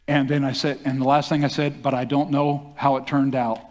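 An older man, a pastor, telling a story in a sermon with animated delivery and acted-out quotes. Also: medium pitch, fairly quick. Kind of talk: sermon testimony. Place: church hall. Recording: long hall reverb.

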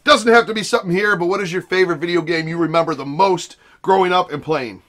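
Excitable bright-voiced male host. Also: high voice, fast talker. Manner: excitable, exclaims often. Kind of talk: excited casual commentary.

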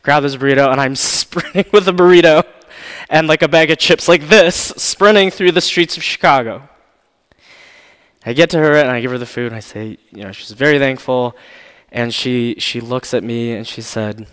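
A man's voice: medium pitch, fairly quick, a bit bright, smooth. A man preaching a sermon, telling a personal story in a candid, self-deprecating way with frequent laughs. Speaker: pastor. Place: church sanctuary. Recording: long reverb of a church hall.

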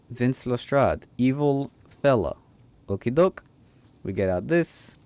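A man's voice: medium pitch, lively intonation, slow, darkish tone. A man casually commenting on his game stream, joking, swearing and reading game text aloud in clipped bits. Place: home streaming setup.

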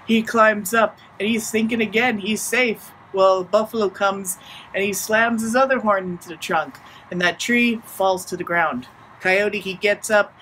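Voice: medium pitch, a little hiss or hum, poor audio. Laid-back storyteller telling an old animal tale, jokey, slangy. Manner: relaxed and playful, modern slang. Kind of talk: casual oral storytelling.

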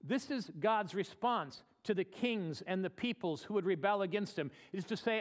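A man pastor preaching a live church sermon, earnest, slowing down to read scripture aloud. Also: sits high, expressive. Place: church sanctuary. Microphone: live broadcast.

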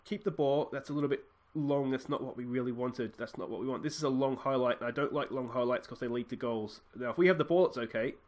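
A young Australian man casually commentating his own football management game, thinking aloud and breaking into excited shouts at goals. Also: mid-range voice, fast, few pauses. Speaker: let's play host.

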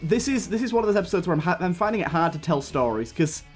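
A man's voice: high voice, lively intonation, fast talker. A young man hosting a gaming channel, rambling through a childhood story while grumbling at his run. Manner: rambling storytelling broken by frustrated outbursts at the game. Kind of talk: gaming commentary. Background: faint game music.

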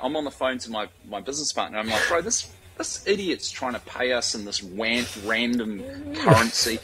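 A man's voice: mid-range voice, lively intonation, normal speed, few pauses, over a noisy crowd, low-quality recording. A man, telling stories as a guest in a casual interview, swearing freely and acting out the voices of the people he quotes. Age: 40s. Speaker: guest, startup founder.

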